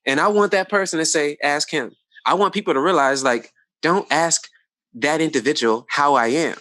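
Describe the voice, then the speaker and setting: A man hosting a podcast, chatting casually and telling stories with lively quoted voices. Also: a little high, normal speed, no room sound. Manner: animated storyteller, quotes others in lively voices. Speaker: podcast host.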